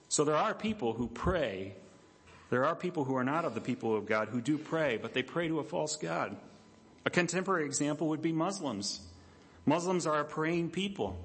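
A man, the pastor, preaching a sermon in a church, animated and conversational, dropping low and quiet for emphasis and acting out quoted voices. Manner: animated preaching, acts out quoted voices with big pitch jumps. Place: church sanctuary.

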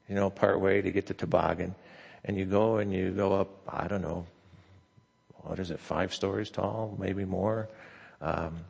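A man's voice: sits low, gravelly, breathy edge. An older man preaching a sermon as the pastor, telling a family story with many fillers and restarts. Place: church sanctuary. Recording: long church hall reverb.

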